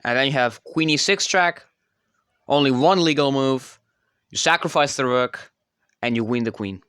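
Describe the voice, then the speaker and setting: Male commentator with a bright, crisp voice. Rambling and self-correcting. Dry, close mic. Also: mid-range voice, animated, normal speed, no room sound. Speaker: chess channel creator. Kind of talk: casual game commentary.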